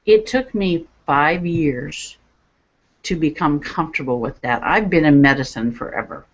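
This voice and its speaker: A woman's voice: low voice, measured pace. Middle-aged woman telling a story, lo-fi. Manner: animated, acts out voices in her stories. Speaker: psychic medium guest. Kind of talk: personal storytelling in an interview. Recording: dull lo-fi radio audio.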